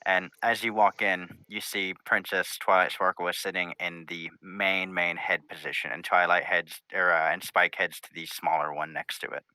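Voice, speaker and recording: A man's voice: low voice, steady tone, moderate pace, hardly any pauses, sharp tone, smooth, dry recording, rough recording. A man narrating a tabletop game as game master, rambling through scene description with many fillers.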